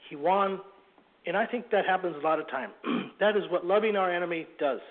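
Man, sermon, fairly high voice, halting, repeats words, tinny phone-like sound. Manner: halting, repeats words, clears throat and coughs. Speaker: preacher. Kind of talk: sermon storytelling.

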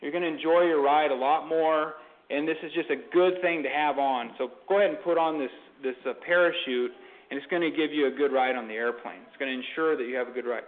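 Upbeat female flight attendant pitching a parachute, put on by a man, lo-fi phone sound. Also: fast, close to an everyday voice. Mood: coaxing. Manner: friendly sales-pitch persuasion.

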